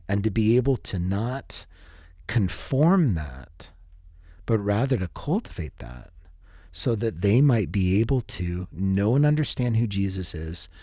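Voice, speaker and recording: A man's voice: fairly low pitch, big pitch swings, measured pace, warm tone, slightly rough, no room sound. A middle-aged man, a podcast guest, talking thoughtfully and at length in casual conversation. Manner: thoughtful, wordy, with dry jokes.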